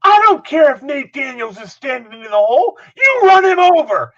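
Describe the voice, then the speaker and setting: A man's voice: very high-pitched, sing-song, moderate pace, a bit bright, highs cut off, voice pushed up, exaggerated voice. A man imitating a hot-tempered middle-aged male football coach, bellowing orders and curses at a player in a story he is telling. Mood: yelling, furious. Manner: bellowing, red-faced, swings between praise and curses.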